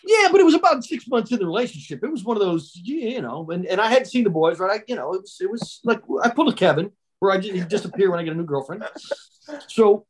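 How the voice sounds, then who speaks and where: A man's voice: high voice, animated, fast, slightly rough. A man telling a story in a casual podcast chat, restarting his sentences and repeating words as he goes. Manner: rambling, repeats words, acts out quoted voices.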